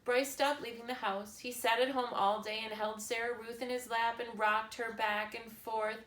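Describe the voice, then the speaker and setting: A woman narrating a children's novel chapter in a slow, measured reading style. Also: a little high, level tone, fairly bright tone. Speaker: audiobook narrator. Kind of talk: scripted narration. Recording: echoey room with faint ambience.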